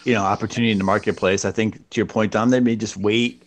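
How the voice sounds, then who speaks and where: A man co-hosting a casual collectors' podcast, laying out his views in a measured, reasoning way. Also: lowish voice, fairly even intonation. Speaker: podcast co-host. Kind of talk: casual panel chat.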